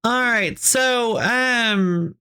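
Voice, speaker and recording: With a slightly high, clear, resonant voice that's bright and forceful, this woman streamer draws out her words. She rambles through a casual live-stream chat, answering viewers, often giggling and restarting what she says.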